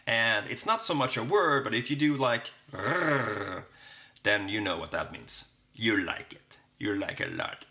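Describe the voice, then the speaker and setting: A young Swedish man with a Swedish accent walks through a casual language lesson in a playful, jokey way. His voice swings widely up and down, and the tone is bright and forward. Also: lowish voice, big pitch swings, normal speed, hardly any pauses. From southern Sweden. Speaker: language teacher.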